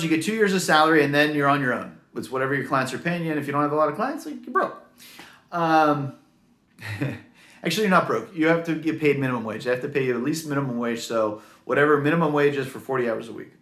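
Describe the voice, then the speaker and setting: A man's voice: on the high side, fairly bright tone, roomy sound. A man telling his own career story in an earnest, heartfelt way, with many fillers. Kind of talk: personal story to camera.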